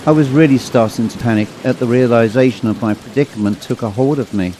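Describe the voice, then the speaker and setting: A man narrating a ghost story in a measured, ominous storytelling manner. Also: mid-range voice, warm tone, a little hiss or hum.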